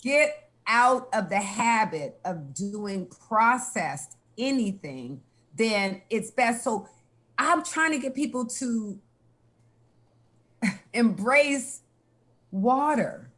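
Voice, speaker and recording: A woman's voice: on the high side, lively intonation, extremely slow, fairly bright tone. A woman giving frank, emphatic health advice in casual chat, laughing now and then. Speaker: health guest.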